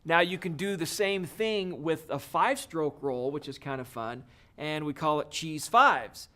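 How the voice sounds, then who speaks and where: A man's voice: fairly high pitch, unhurried, sharp tone. A man teaching a drum lesson, explaining each step in an encouraging way. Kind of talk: video lesson.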